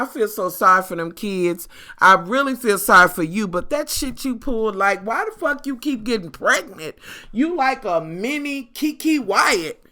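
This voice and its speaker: A woman's voice: medium pitch, sharp tone. A woman vlogger giving a blunt, profane, sassy rant about a reality show. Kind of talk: casual rant.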